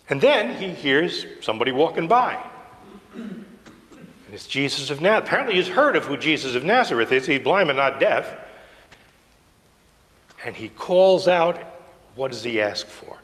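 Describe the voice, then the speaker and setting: A man's voice: on the high side, big pitch swings, normal speed, pauses often, fairly bright tone. A male priest giving a sermon in a conversational, storytelling way, sometimes dropping to a near whisper. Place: church sanctuary. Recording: long church reverb.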